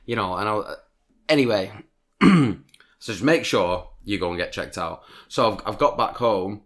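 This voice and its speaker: A man's voice: fairly low pitch, animated, measured pace, a bit bright. A man, hosting a podcast, telling a long rambling story in casual chat with lots of swearing. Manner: rambling storytelling, heavy swearing, frequent laughs. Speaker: podcast host.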